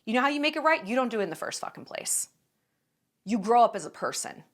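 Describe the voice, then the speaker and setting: A woman's voice: fairly high pitch, very animated, fast talker, fairly bright tone. A woman giving casual opinion commentary in a blunt, profane and emphatic way, sarcastic and indignant. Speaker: commentary vlogger.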